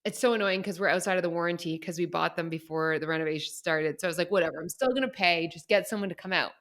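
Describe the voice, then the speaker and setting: A woman's voice: lowish voice, quick pace. A young adult woman co-hosting a podcast, telling a story in casual chat, quoting people and laughing often. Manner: animated storyteller, laughs often, quotes others. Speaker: podcast co-host.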